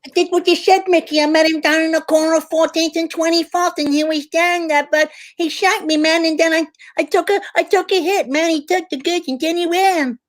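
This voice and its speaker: A man's voice: very high voice, fairly even intonation, brisk, pitched above the performer's own voice. A man putting on the voice of a panicky young small-time drug dealer telling his boss a deal went wrong. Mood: panicked.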